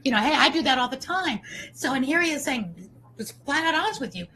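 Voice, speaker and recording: A woman's voice: sits high, sing-song, fairly quick, sharp tone, a little hiss or hum. A woman hosting an interview show, talking in an effusive, encouraging way to her guest. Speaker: talk show host. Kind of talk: interview conversation.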